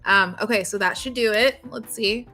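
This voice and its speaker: A woman's voice: medium pitch, moderate pace, bright, forceful tone, soft background music. A woman co-hosting a developer livestream in casual chat, playful and jokey. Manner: playful, jokey, makes up little jingles.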